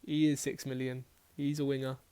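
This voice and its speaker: Here a man with a smooth, dark, medium-pitched voice speaks a little fast on a level tone. It's casual team-selection talk about fantasy football: chatty and meandering, with self-corrections and offhand cursing.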